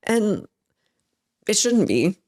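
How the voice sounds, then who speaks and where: A woman's voice: mid-range voice, very slow, dry recording, clean studio sound. A woman guest in an interview, speaking candidly and telling personal stories with feeling. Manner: candid, tearful at times, animated storytelling. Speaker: guest, health company founder. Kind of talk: emotional interview conversation.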